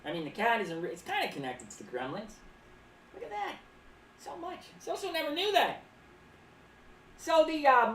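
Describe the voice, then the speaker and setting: A woman performing as a clown on a livestream rambles casually, reads chat out loud, and throws in playful asides, often speaking of herself in the third person. Her voice is a little high and recorded from a distance, giving a roomy, off-mic sound with faint background noise.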